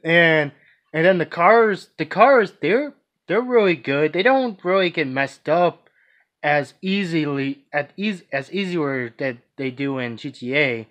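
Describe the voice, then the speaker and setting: A man's voice: on the high side, lively intonation, measured pace, a bit bright. A man vlogging casually, answering viewer questions in a rambling, hesitant way with many restarts and fillers. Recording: dull lo-fi recording.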